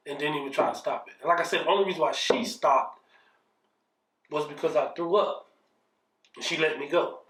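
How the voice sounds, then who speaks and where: A man's voice: high voice, a bit bright, recorded from a distance, slight background noise. A man casually telling a story from his childhood, profane and rambling, often checking in with "you know what I mean". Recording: roomy echo, mic set back.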